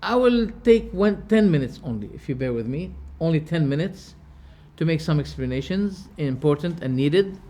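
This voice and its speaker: A man's voice: fairly high pitch, lively intonation, normal speed, mellow. A man giving a religious lecture to a class, restating each term in plain words and throwing rhetorical questions at his listeners. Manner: explains terms by restating them. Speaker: religious teacher.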